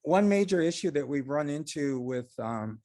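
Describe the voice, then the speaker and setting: Man with a somewhat high voice, calmly explaining on a video call. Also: moderate pace. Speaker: webinar participant. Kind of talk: casual video-call chat.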